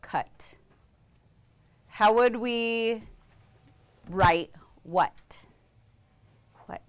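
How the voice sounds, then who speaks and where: A woman teaching a language class, slowly modeling vowel sounds and asking students questions. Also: medium pitch, clean tone.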